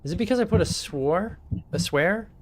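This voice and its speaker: Male streamer, voice a touch high, loose and rambling, swears often. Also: animated, moderate pace, a little hiss or hum. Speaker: streamer and game master. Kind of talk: casual chat on a live stream.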